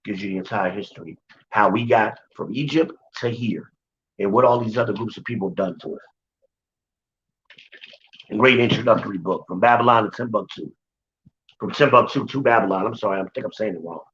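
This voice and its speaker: A man's voice: on the low side, brisk, pauses often, fairly bright tone. A man teaching from scripture in an informal, emphatic way, repeating his points and talking straight to his listeners. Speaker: Bible teacher. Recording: dull lo-fi recording.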